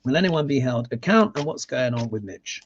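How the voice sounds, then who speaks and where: A man's voice: medium pitch, expressive, normal speed, a little hiss or hum. A man giving a live tarot reading in casual, sarcastic talk, often tagging his points with a questioning "yeah?". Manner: sarcastic, emphatic, keeps adding "yeah?" tags. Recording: dull lo-fi sound.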